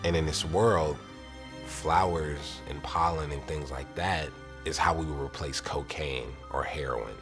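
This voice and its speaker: A man's voice: extremely low pitch, steady tone, a little slow. A man in his twenties talking casually and playfully about making a stop-motion film, joking bluntly as he explains. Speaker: host, filmmaker. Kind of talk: casual behind-the-scenes chat. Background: music.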